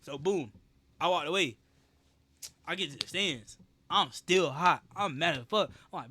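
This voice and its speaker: Bright, animated young man telling a story. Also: fairly high pitch, normal speed. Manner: animated, profane, emphatic. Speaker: streamer. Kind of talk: casual storytelling.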